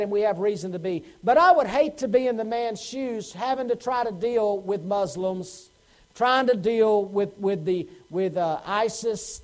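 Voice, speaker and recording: High-voiced pastor preaching. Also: male voice, darkish tone, rough recording. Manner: preaching with rhetorical questions and acted quotes. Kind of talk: sermon. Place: church sanctuary.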